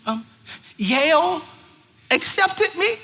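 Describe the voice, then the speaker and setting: A man's voice: extremely high pitch, sing-song, vocal fry, bright, forceful tone, voice pushed up, full character voice. A man voicing a nervous teenage girl who stammers and halts between words. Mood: hesitant. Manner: stammering, halting.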